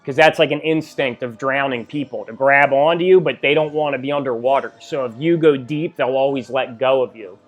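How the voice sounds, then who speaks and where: A man casually telling a first-person story in a plain-spoken way, getting louder and higher at the tense moments. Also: fairly quick, few pauses, dull audio, soft background music.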